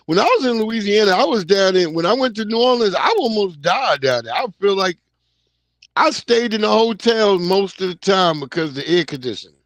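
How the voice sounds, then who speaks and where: Brief: male stream host, 30s-40s, relaxed slangy chatter, slightly high-pitched, dry close sound. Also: brisk, no echo. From New York (Long Island). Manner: loose, slangy, reacting to chat comments. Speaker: livestream host. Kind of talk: casual livestream chat.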